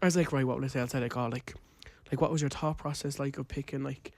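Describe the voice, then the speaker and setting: A man's voice: mid-range voice, quick pace, no room sound. Chatty young Irish man, close dry mic. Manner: animated storytelling, lots of "like" and acted-out quotes. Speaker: podcast co-host. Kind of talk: casual chat.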